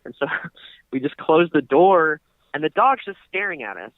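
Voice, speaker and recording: A man's voice: a little high, very animated, moderate pace, no room sound. A young man co-hosting a podcast, telling a long story in casual chat, full of fillers and restarts. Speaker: podcast co-host. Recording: dry, tinny phone-like sound.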